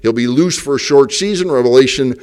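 A man's voice: medium pitch, fairly quick, darkish tone. A man preaching a Sunday evening sermon in a church, folksy and emphatic, full of rhetorical questions to the congregation. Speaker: pastor. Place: church sanctuary.

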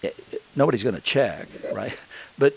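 A man's voice: medium pitch, animated, moderate pace, creaky, a little mellow, breathy edge, poor audio. A man preaching a sermon as pastor, telling the story conversationally and often restarting his sentences.

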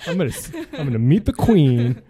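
A man's voice: on the high side, sing-song, fairly quick, warm tone. A man hosting a casual podcast, teasing his guest and laughing often. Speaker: podcast host.

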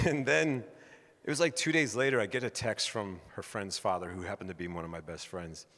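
A man in his thirties preaches with a low, deep voice, breaking into animated storytelling and playing out the people he quotes. His voice rings out with the long reverb of a large hall. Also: fairly quick. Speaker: pastor. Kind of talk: sermon with personal storytelling.

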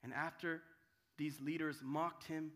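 A man preaching a sermon as pastor, dramatic, swinging from loud cries to hushed tones and often restarting his words. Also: on the high side, flat delivery, a little slow. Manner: restarts and repeats words while telling the story.

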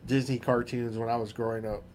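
A man co-hosts a podcast in blunt, easygoing conversation and swears now and then. His voice sits at an ordinary middle pitch, with faint background noise. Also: flat delivery, fairly quick, darkish tone. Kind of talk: casual chat.

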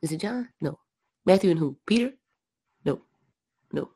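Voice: medium pitch, animated, normal speed, dark tone, slightly rough. Casual co-host, meandering, searches for names mid-sentence. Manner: rambling, thinks aloud, self-correcting. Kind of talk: casual chat.

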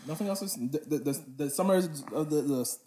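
A man's voice: a little high, fairly quick, mellow. A man co-hosting a casual music chat, joking and offhand.

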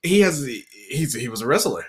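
A man's voice: mid-range voice, sing-song, fairly quick, over a noisy crowd. A man co-hosting a podcast in casual chat, joking and laughing through his lines. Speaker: podcast co-host.

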